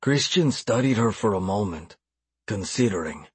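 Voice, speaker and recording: Hushed husky male audiobook narrator. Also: on the low side, normal speed, dry recording. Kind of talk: first-person dark romance narration.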